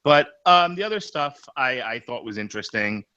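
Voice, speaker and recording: A man with a bright, ringing voice talks comics on a podcast. He rambles casually and restarts his sentences often, his pitch sitting in the middle. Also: big pitch swings, normal speed, clean tone, lo-fi sound. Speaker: podcast co-host.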